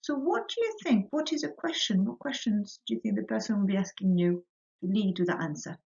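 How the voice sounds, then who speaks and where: A woman teaching a French lesson to young children, saying words slowly for them to repeat, her pitch rising on each French word. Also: lively intonation, gravelly, a little mellow. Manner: slow, drilling words for repetition, rising on French words. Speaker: primary school French teacher. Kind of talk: recorded remote lesson for children. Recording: dull lo-fi audio.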